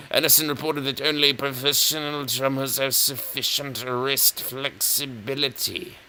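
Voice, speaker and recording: A man's voice: medium pitch, pushed and bright. A man giving casual commentary on a brain-training game, reading on-screen text aloud and joking about it. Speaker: let's player.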